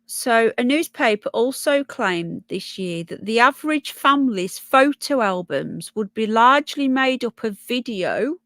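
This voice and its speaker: A woman's voice: medium pitch, fairly bright tone, no room sound. Chatty woman greeting live viewers. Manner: chatty, greets viewers by name, reads aloud and comments. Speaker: livestream host. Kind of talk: casual live chat reading articles.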